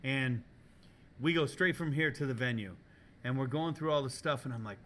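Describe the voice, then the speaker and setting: A man hosting a casual podcast, telling animated, profane stories and laughing often, recorded in a school culinary kitchen. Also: mid-range voice, normal speed, slight background noise. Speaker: podcast host and culinary teacher.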